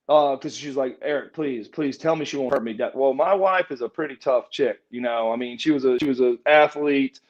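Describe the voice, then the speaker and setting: A man's voice: medium pitch, a little mellow. A middle-aged man, a former wrestler, telling a rambling story in an interview, stumbling over repeated words and acting out what people said. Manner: rambling, repeats and restarts words, acts out quoted dialogue. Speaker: guest, former pro wrestler. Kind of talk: casual shoot interview storytelling. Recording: muffled lo-fi audio.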